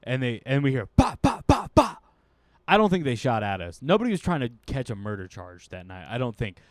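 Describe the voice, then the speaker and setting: A man's voice: mid-range voice, quick pace, dry recording. A man rambles through a story in a casual chat, jumping into the voices of the people in it. He sounds like a guest comedian on a podcast. His voice is recorded close and dry, with no room sound. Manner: rambling, animated, acts out quotes.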